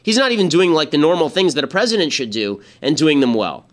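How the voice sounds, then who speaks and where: Rapid-fire sarcastic male political commentator. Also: on the high side, big pitch swings. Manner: sarcastic, rapid-fire, exasperated rhetorical questions. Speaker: political commentator hosting a show. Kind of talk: fast monologue commentary.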